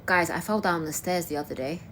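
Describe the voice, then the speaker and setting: Speaking briskly in a lowish, fairly bright voice, a young Kosovar woman hangs out on a livestream answering her viewers' comments in real time. Some faint background noise can be heard.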